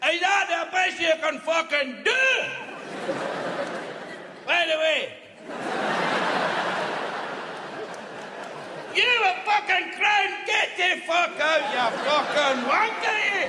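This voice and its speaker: A man's voice: very high voice, animated, slow pace, background noise, pitched above the performer's own voice, full character voice. A man voicing a small, furious Scotsman who bellows insults down a hill, in an echoey hall. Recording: echoey hall with crowd laughter.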